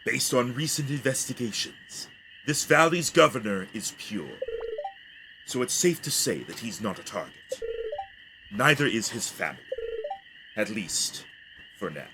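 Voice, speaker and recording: A man voicing a stern male spirit guardian in a video game, speaking in a measured, solemn way. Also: mid-range voice, voice pushed down. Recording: steady background noise.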